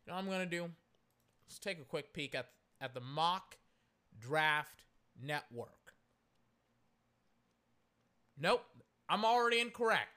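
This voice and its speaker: Brief: high, bright male sports commentator, exasperated solo rant, keeps correcting himself. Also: animated, a little slow, long pauses.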